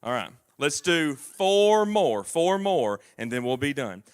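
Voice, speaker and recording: A man's voice: a little high, very animated, slow, clear, resonant tone. A man with a Southern US accent, a Bible class teacher patiently quizzing and prompting children during a church service. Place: church auditorium.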